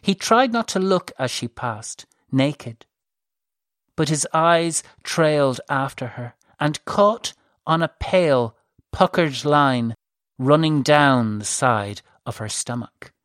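A narrator reads a fantasy novel with slow, deliberate pacing and even, measured phrasing. The sound is close and completely dry, with no room around it. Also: mid-range voice, dry recording. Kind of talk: scripted audiobook narration.

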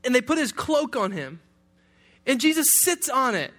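A young man from Detroit delivers a sermon in a notably high voice. He preaches in a loose, joking way, with humorous asides to his listeners. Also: very animated, normal speed, a bit bright. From Detroit, USA. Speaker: pastor.

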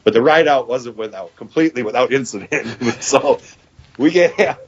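A man's voice: mid-range voice, normal speed. A man, a podcast guest, telling a long story in a folksy way, acting out the dialogue and laughing as he goes. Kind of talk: casual storytelling. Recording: dull lo-fi podcast audio.

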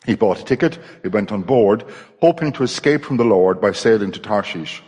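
A man reading a scripture passage aloud in church, measured and dramatic. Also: fairly low pitch, expressive, a little mellow, slightly rough, highs cut off. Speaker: scripture reader. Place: church hall. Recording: long hall reverb.

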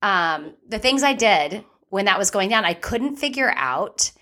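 A woman's voice: mid-range voice, lively intonation, a little slow, bright, forceful tone. A woman co-hosting a podcast, chatting casually in a playful, easygoing way. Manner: chatty, playful, laughs easily. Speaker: podcast co-host. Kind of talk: casual chat.

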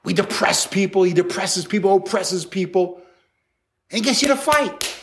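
High-voiced animated male preacher. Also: normal speed, gravelly, a little hiss or hum. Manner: animated, conversational preaching with playful acted asides. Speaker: pastor. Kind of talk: sermon.

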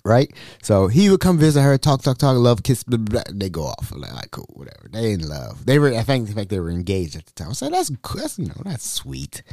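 A man's voice: medium pitch, fairly quick, creaky, few pauses, no room sound, studio quality. A man in his thirties hosting a podcast, telling a story in casual chat and acting out each quote in voices. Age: 30s. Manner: animated, acts out every quote in voices. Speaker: podcast host.

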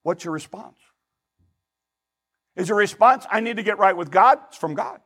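An older man preaching a sermon as pastor, earnest and pleading, swinging between loud emphasis and hushed asides. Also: high-pitched, animated, normal speed, slightly rough, rough recording.

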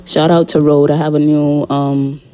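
A woman with a low, mellow voice hosts her podcast in a loose, chatty monologue. She is a little out of breath, talks straight to her listeners and often repeats her lines playfully. Her voice comes through a studio mic. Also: little pitch movement, normal speed. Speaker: podcast host. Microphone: studio condenser mic.

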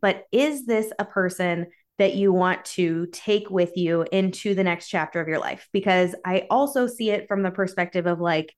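Chatty woman. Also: fairly low pitch. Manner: candid, chatty, uses y'all. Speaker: podcast co-host. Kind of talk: casual advice chat.

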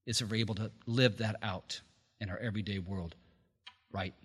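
A man preaching a sermon to his meeting, telling a story that swells to loud peaks and drops to quiet, low endings. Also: fairly even intonation, normal speed, slightly rough. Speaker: pastor. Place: meeting house. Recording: long reverb of a hall.

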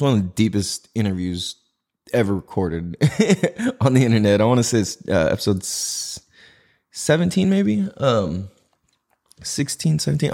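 At home indoors, a man with a mid-range voice hosts his own podcast solo, talking casually into a podcast mic while cameras record. He's animated, slangy and profane.

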